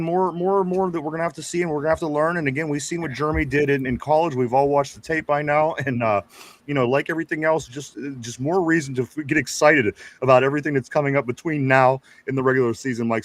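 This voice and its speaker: A man's voice: fairly high pitch, steady tone, fast talker. A man co-hosting a live sports podcast, casually reading viewer comments aloud and chuckling. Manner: laid-back, chuckling, reads comments aloud. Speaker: podcast co-host reading chat. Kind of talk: casual live-stream chat.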